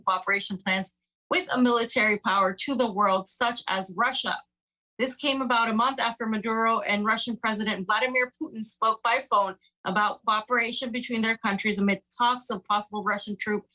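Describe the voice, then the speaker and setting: A woman co-hosting a casual news talk show, her voice bright and forward. She chats loosely and teases with dry sarcasm, filling gaps with "um" and "like". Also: a little high, fairly quick, low-quality recording. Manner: chatty, sarcastic, many fillers. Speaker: co-host.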